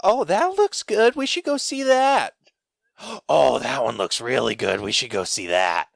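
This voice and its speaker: A man imitating a chatty old woman at the cinema in a high, gushing voice. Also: flat delivery, a little fast, dry recording, clean studio sound.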